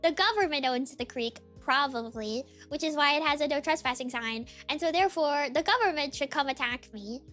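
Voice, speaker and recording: A young woman chatting on a live stream in a very high, chirpy voice. She rambles casually, full of "like" and "dude", with faint music playing underneath. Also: expressive, fairly quick, few pauses, fairly bright tone. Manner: chirpy, greets viewers one by one in a sing-song lilt.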